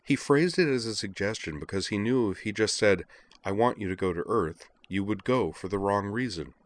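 A man voicing an angry young woman who scolds and confronts her friend, raising pitch for her lines. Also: expressive, normal speed, lightly acted. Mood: scolding. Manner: heated, scolding.

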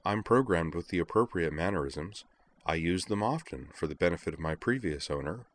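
Male reader doing a cool, deadpan android girl, low and even. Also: brisk. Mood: flat. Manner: flat, calm, emotionless. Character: cold composed female android girl.

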